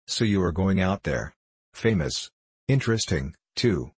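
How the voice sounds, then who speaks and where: A man voicing an eccentric, curious old male doctor in a storybook reading, speaking in a matter-of-fact, quietly amused way. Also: low voice, expressive, measured pace, husky, no echo, full character voice. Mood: probing.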